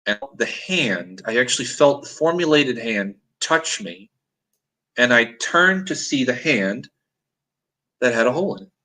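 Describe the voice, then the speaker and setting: Bright-voiced man telling an intense story. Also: mid-range voice, very animated, measured pace, low-quality recording. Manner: earnest, dramatic retelling with acted-out quotes.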